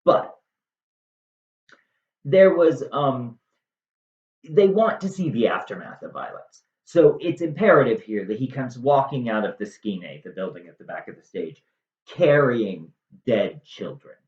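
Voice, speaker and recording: Slow, chatty man in an echoey room. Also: mid-range voice, dull audio. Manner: chatty, slangy, animated. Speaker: storyteller. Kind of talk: casual retelling of a classic play.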